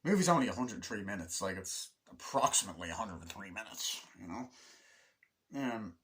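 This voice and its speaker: A man's voice: lowish voice, lively intonation, fairly quick, a bit bright. A young man reviewing a movie in a rambling, casual way, swearing often and acting out lines in put-on voices.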